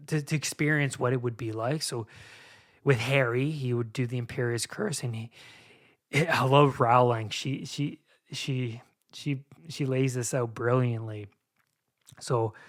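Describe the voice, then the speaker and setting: A man hosting a solo podcast, talking in a reflective way, often repeating words and restarting his sentences. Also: mid-range voice. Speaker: podcast host.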